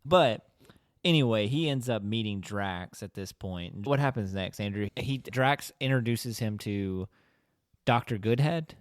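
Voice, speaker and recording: A man co-hosting a podcast, recapping a film in casual chat, rambling with lots of "like" and quick laughs. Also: lowish voice, expressive, no echo, studio quality. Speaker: podcast co-host.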